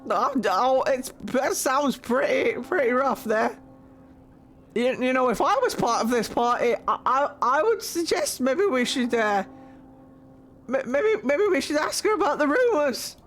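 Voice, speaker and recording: Chatty, expressive woman streaming a game. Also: sits high, measured pace. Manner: chatty, joking, reacting with swearing and outbursts. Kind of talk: casual let's-play commentary.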